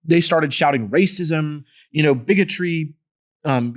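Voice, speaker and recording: A man hosting a podcast, giving solo political commentary in an emphatic, animated way with sarcastic asides. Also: on the high side, unhurried. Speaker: podcast host.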